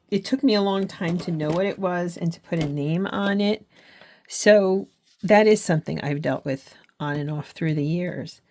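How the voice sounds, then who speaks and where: A woman's voice: on the low side, slight background noise. A middle-aged woman hosting a faith and journaling channel, talking to camera in an earnest, frank way with frequent restarts. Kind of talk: casual talk to camera.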